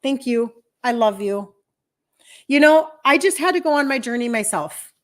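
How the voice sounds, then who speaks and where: A woman in her fifties speaks casually to viewers on a live stream, sharing health coaching at her desk. Her voice sits on the higher side, and her delivery is chatty and meandering, with lively acted-out quotes. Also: moderate pace. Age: 50s. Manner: chatty and rambling, acts out quoted speech.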